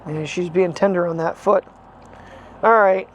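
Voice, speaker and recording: A man's voice: high voice, steady tone, a little slow, fairly bright tone. A man vlogging in a rambling, chatty way, talking to the camera and to his dog. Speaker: daily vlogger. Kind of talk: casual chat. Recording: dull lo-fi sound, faint noise.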